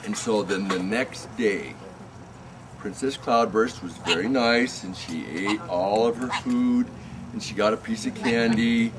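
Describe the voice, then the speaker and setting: A man telling a bedtime story to a child in a gentle, animated way, in a noisy home recording. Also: fairly low pitch, slow pace.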